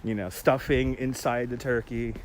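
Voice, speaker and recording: A man's voice: medium pitch, steady tone, moderate pace, slight background noise. A man hosting a live walking stream at night, chatting with viewers, reading their comments aloud and laughing often. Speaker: livestream host. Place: quiet city street at night, outdoors.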